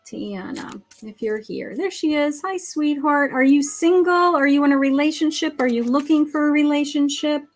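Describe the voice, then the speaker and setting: A woman's voice: high-pitched, normal speed, few pauses. A middle-aged woman, a psychic, giving live tarot readings to viewers in a chatty, affectionate way, thinking aloud with frequent ums and restarts. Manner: chatty, affectionate, calls viewers sweetheart and honey.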